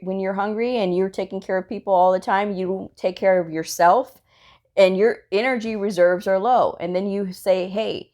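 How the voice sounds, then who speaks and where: A woman's voice: mid-range voice, darkish tone. A middle-aged woman giving a casual instructional talk as an educator, chatty, laughing often and retelling conversations. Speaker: medical coding educator.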